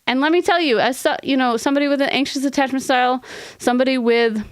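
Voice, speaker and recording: A woman co-hosting an advice podcast, talking in an earnest, rambling way with quick asides. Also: high-pitched, steady tone, clean tone, dry recording, clean studio sound. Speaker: podcast co-host. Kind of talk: casual advice chat.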